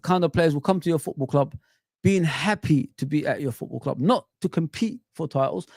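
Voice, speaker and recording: A man's voice: on the high side, fairly quick, a little mellow, no echo, studio quality. A middle-aged man hosting a live football stream, ranting passionately with rhetorical questions and talking straight to his viewers. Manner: talks straight to viewers and chat. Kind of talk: casual live-stream rant.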